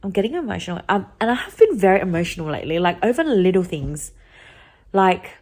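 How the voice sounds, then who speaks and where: A young woman vlogging straight into a handheld camera in a casual, rambling way. Her voice sits a little low. She fills her talk with "like" and "um" as she goes. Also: big pitch swings, fairly quick, darkish tone. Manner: chatty and rambling, heavy on "like" and "um".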